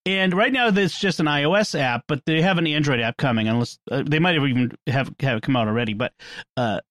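A man with a Boston accent hosts a podcast in a rambling, jokey way, laughing often. His voice sits a bit high for a man. The recording is close and dry. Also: fast, a bit bright, no room sound. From New England. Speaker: podcast host. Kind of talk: casual chat.

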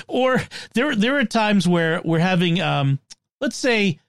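A man runs a casual podcast panel in a slightly high voice, animated and quick to laugh. The sound is dry and close, with no room in it. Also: no room sound. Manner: animated, laughs often, reads out headlines. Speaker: podcast host.

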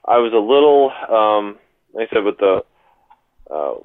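A man's voice: lowish voice, very animated, clean tone. A man co-hosting a casual podcast, speaking hesitantly with many halts. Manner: hesitant, halting. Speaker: podcast co-host. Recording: phone-like call-in line.

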